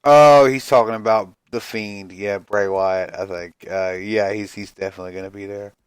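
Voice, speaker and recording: A man's voice: lowish voice, steady tone, moderate pace, clear, resonant tone, no echo. Tired, profane man ranting on a podcast. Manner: profane, rambling, frustrated. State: tired, yawning. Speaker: podcast host. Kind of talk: casual solo podcast rant.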